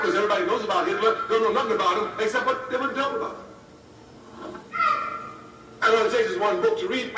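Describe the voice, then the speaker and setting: A man in his fifties giving a political speech to students, emphatic and repeating key phrases for effect. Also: high voice. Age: 50s. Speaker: speaker addressing students. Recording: roomy, distant archive recording with faint hiss.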